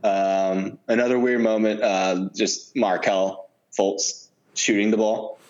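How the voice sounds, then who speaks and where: A man's voice: on the low side, slow. Laid-back man on a dull lo-fi mic. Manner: relaxed, laughs often, many fillers. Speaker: podcast co-host. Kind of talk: casual sports chat. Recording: dull lo-fi sound.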